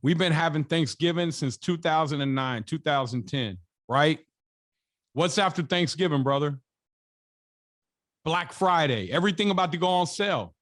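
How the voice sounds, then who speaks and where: An American investor appearing as a podcast guest tells stories during an interview. His voice sits a little high and sounds fairly bright, moving at a moderate pace. He talks colloquially and emphatically, repeating phrases to drive his points home.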